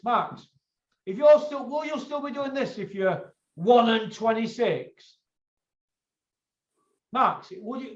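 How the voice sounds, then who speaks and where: A man hosting a boxing chat show, blunt and lecturing, swearing freely. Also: high voice. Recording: echoey, dull lo-fi room sound.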